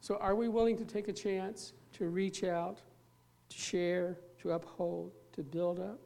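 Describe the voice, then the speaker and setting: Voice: mid-range voice, flat delivery, vocal fry, warm tone. Earnest pastor preaching a sermon. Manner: earnest, emphatic, slows down to stress key words; repeats and restarts phrases while preaching.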